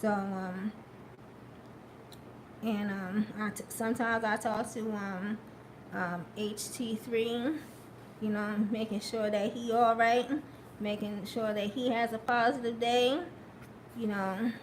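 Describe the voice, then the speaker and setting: A woman chatting casually on a live stream, slow and hesitant with many fillers, upbeat and encouraging. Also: mid-range voice, flat delivery, noisy background.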